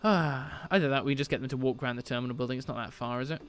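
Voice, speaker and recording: A man's voice: medium pitch, racing. A man from Britain chatting on a live stream as he shuts down a sim aircraft, laughing often and answering his chat.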